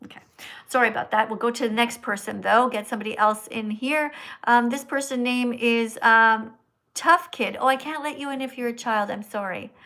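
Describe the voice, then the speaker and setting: A woman's voice: on the high side, bright, forceful tone. Blunt scolding woman livestream host. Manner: slow, emphatic lecturing. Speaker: livestream host reading donations. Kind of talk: live stream chat.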